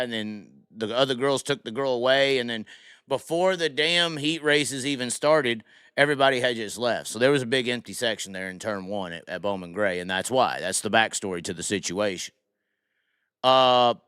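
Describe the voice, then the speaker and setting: A man's voice: mid-range voice, clear, resonant tone, dry recording, clean studio sound. Profane man telling a story. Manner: animated, profane, acts out the people in his story. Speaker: podcast host. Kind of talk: casual live-stream storytelling.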